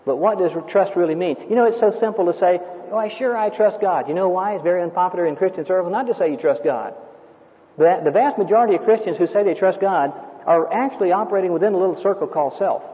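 A man's voice: high-pitched, fast talker. A man preaching a sermon, emphatic and storytelling, often asking rhetorical questions. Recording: tinny lo-fi sermon recording with long hall reverb.

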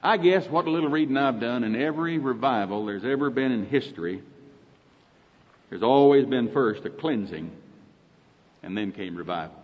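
Folksy Oklahoma preacher in a sermon. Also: male voice, mid-range voice, moderate pace, pauses often. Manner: folksy, emphatic, quoting scripture. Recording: dull recording with long hall reverb.

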